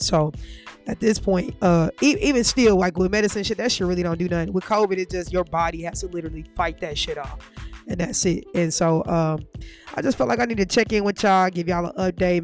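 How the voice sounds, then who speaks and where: A vlogger who is sick with a sore throat, talking straight to camera in a casual, profane, increasingly heated rant. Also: medium pitch.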